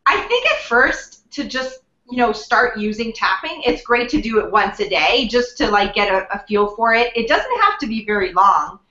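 An upbeat woman explains in a chatty, meandering way, piling up fillers and restarts. Her tone is bright and fairly high. The recording is dull and lo-fi, with a roomy echo behind her. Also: sing-song, moderate pace, hardly any pauses. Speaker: guest, emotional wellness coach. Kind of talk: conversational explaining. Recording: dull lo-fi sound in a roomy space.

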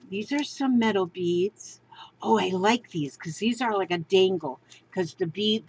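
A woman's voice: mid-range voice, highs cut off, slight background noise. A woman crafting vlogger doing an unboxing show-and-tell, gushing and exclaiming, often repeating her words.

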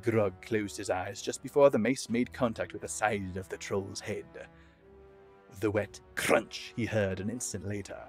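A man narrating a fantasy audiobook in a measured, expressive storytelling manner. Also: fairly low pitch.

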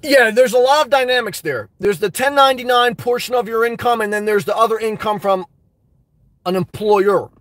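A man's voice: high-pitched, moderate pace, a bit bright, dry recording. A man hosting a live stream, reading viewer comments and giving emphatic, fired-up advice. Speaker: YouTube live stream host.

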